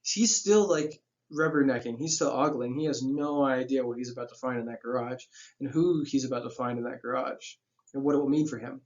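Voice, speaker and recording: A man's voice: medium pitch, a little fast, lo-fi sound. A man reading a novel aloud as a teacher, breaking off for casual asides that explain the plot in plain slang.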